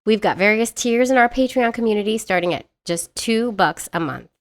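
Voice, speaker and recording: A woman's voice: on the high side, lively intonation, brisk. A woman in her thirties co-hosting a podcast, bubbly and gushing in casual chat, often breaking into laughter. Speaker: podcast co-host.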